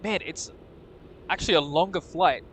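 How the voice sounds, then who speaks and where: Australian male livestream co-host, casual spotter commentary, slightly high pitch, faint outdoor hum. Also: moderate pace. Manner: relaxed, chatty, thanks viewers, frequent uh fillers. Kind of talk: live spotting commentary and viewer chat. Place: outdoors at an airport car park.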